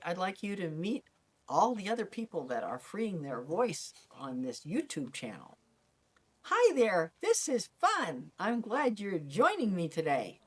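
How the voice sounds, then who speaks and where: A woman teaching a gentle guided voice lesson in a soft, encouraging manner. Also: fairly low pitch.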